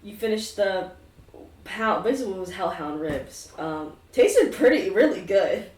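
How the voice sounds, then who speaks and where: A woman running a tabletop game, her pitch swinging widely as she narrates with a playful manner. The sound is roomy, and she sits some way from the mic. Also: lively intonation, measured pace, a little mellow, recorded from a distance. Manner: playful, laughs often. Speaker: game master.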